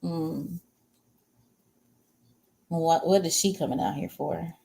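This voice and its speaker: A woman's voice: sits low, steady tone, slow, gravelly, warm tone. A woman giving a casual livestream tarot reading. She rambles, answers viewer comments, and talks bluntly and crudely, with frequent chuckles between remarks. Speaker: tarot reader.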